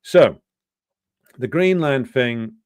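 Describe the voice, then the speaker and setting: A man's voice: mid-range voice, animated, drawn-out words, clear, resonant tone, dry recording. A man hosting a political commentary show, talking in a loose, unscripted way with lots of fillers, scornful and profane asides.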